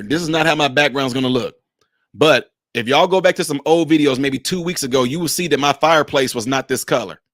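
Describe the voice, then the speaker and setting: A man's voice: fairly high pitch, no echo, studio quality. Chatty man vlogging from his man cave. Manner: animated, chatty storytelling. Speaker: vlogger, channel host. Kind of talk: casual vlog talk to viewers. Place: home basement man cave.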